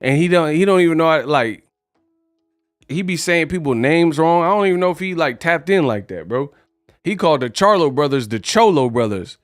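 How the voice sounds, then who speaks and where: Brash young man running a boxing vlog, slangy and mouthy, fairly high voice, dry close sound with faint music. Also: lively intonation, a little fast, no room sound. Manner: brash, slangy trash talk. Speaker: boxing news vlogger. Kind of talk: casual commentary vlog.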